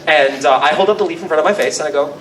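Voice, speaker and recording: A man on a convention panel, telling a funny role-play story in a casual, animated way. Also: racing, echoey room, distant mic, rough recording. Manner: animated, laughing, squeaky voice bursts.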